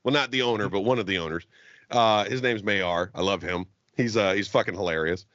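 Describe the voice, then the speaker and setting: A man's voice: lowish voice, fairly quick, fairly bright tone, no echo, dull audio. A man co-hosting a podcast, telling a profane bar story with crude jokes and laughter. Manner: crude, laughing, acts out voices in his stories. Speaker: podcast co-host.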